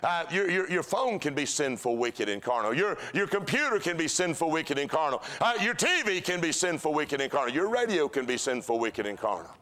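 A man's voice: a little high, sing-song, a little fast, hardly any pauses, pushed and bright. A man preaching a sermon in a church, folksy and storytelling, with repeated rhythmic phrases. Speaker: pastor. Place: church sanctuary.

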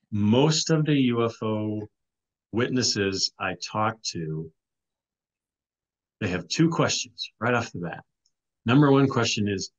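Heard on a rough recording, a middle-aged author and filmmaker with a lowish voice guests on an interview show. He tells his story casually, stopping to restart and leaning on "you know."

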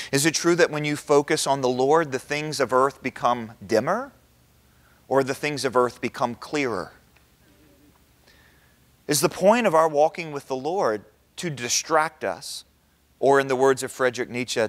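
A middle-aged man giving a sermon-style talk in a church, conversational and animated, often asking the audience questions. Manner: animated, with big pitch swings. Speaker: speaker at a church event.

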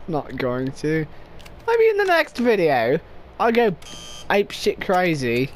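A young woman commenting on her gameplay, swearing and bursting into loud excited outbursts. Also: fairly low pitch, takes it slowly, a little hiss or hum. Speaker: gaming video creator. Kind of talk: let's play commentary.

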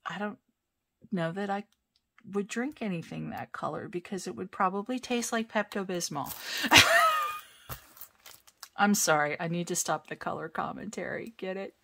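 A woman chatting casually at home as she unboxes diamond painting kits. She talks in a self-deprecating way, laughs often and thinks out loud. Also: mid-range voice, huge pitch swings, a little slow, vocal fry, long pauses. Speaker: crafting vlogger. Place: home crafting space.

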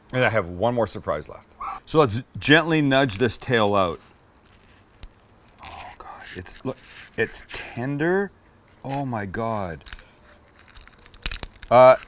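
A man's voice: mid-range voice, a little hiss or hum. A middle-aged man hosting a casual cooking demo, enthusiastic and swearing as he tastes his food on camera. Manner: enthusiastic, swears, talks to camera while eating. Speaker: cooking show host.

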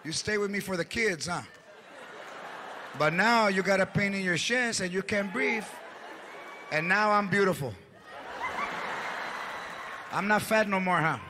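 A man's voice: high voice, unhurried, pauses often, noisy background. A man voicing an older woman who scolds and taunts her ailing husband sarcastically. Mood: sarcastic scolding. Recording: live stage with loud crowd.

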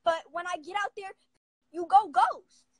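A woman ranting to camera in a confrontational, profane, rapid-fire way. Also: very high-pitched, no echo, low-quality recording. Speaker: vlogger. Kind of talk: angry casual rant to camera.

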